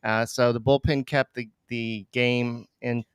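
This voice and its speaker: A man's voice: mid-range voice, level tone, unhurried, clean tone, no echo, clean studio sound. A man co-hosting a baseball podcast, chatting loosely with many fillers and restarts. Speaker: podcast co-host. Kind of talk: casual sports podcast talk.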